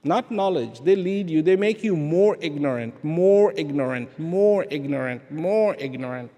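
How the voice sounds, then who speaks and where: Animated man preaching in a reverberant hall. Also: fairly high pitch, unhurried, dull audio. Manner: rhetorical questions, emphatic repetition, dramatic shifts between loud and hushed. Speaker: speaker addressing an audience. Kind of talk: live spiritual talk.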